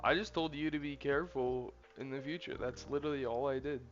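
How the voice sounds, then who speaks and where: A man's voice: medium pitch, steady tone, brisk, dull audio. A man chatting casually to his live-stream chat while coding a game, a little defensive. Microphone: desk mic, input gain changed. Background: faint music, room fan.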